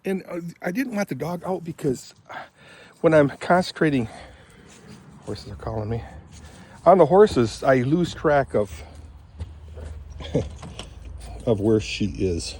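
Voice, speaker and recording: Filming on a handheld phone, this Michigan vlogger, an older man, wanders around his house and horse stalls chatting to his animals in a meandering, filler-heavy way. His voice is on the high side, a little mellow with a breathy edge, with lively intonation, a slow pace and long pauses.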